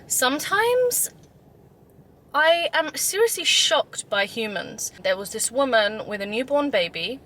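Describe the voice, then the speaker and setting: A woman talking casually to her vlog audience, telling stories in a chatty, animated way. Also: a little high, moderate pace, few pauses. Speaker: vlogger.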